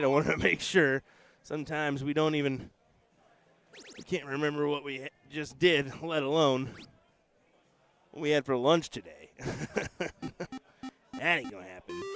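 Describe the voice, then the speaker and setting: A man giving relaxed, chatty live commentary on a darts match, with joking asides about himself. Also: mid-range voice, smooth. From United States.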